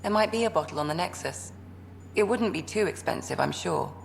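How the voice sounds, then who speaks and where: A wry female ship doctor in a video game. She speaks very low, with a gravelly edge. She is dry and teasing, with a faint hiss of noise behind her. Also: lively intonation, fairly quick. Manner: dry, teasing and self-deprecating.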